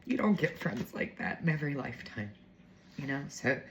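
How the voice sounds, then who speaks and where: A woman's voice: sits low, lively intonation, normal speed, creaky, noisy background. A woman in her forties telling a heartfelt story to her viewers in a chatty, emotional way, full of fillers. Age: 40s. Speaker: vlogger.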